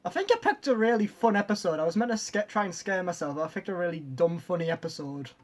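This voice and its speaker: A man's voice: high voice, lively intonation, fast. A man commenting casually and sarcastically on a cartoon as a vlogger, swearing often.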